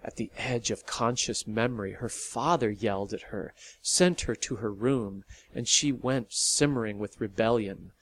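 A man reading a story aloud in a steady, measured narration. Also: fairly low pitch.

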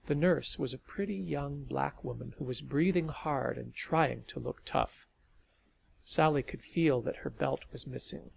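Gravelly man narrating a story. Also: mid-range voice, unhurried, slight background noise. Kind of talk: audiobook narration.

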